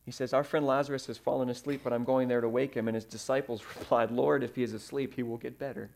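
A man preaching a sermon, telling stories with fillers and sudden swings in loudness. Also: mid-range voice, little pitch movement, quick pace, creaky. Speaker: pastor.

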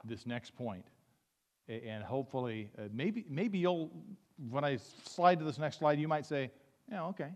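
In a church sanctuary with long hall reverb, a pastor in his fifties preaches a sermon, reading scripture aloud. His fairly high, darkish voice is expressive at a moderate pace, earnest and building to emphatic peaks.

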